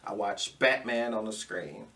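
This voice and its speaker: A man's voice: on the low side, unhurried, bright, forceful tone. Laid-back man telling stories, mic far off. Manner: laid-back, rambling anecdotes with acted-out quotes. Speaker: stand-up comedian guest. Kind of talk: casual storytelling chat. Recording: distant mic with faint room noise.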